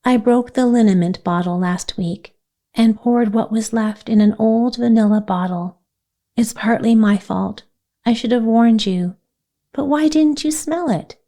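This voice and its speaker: A woman voicing a stern, practical older woman who raised an orphan, speaking in a dry, brisk, scolding way. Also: on the high side, mellow.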